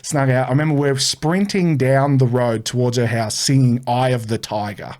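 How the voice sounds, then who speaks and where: A young man, a guest on a podcast, tells a story casually in an animated, medium-pitched voice at normal speed. He swears freely and acts out the people in his tale.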